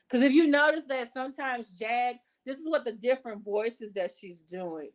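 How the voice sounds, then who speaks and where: A woman's voice: a little high, normal speed, few pauses. A woman hosting casual gossip commentary, blunt and profane, chatty with fillers and self-corrections. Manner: blunt and profane, talks with her hands in her words. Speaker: commentary channel host.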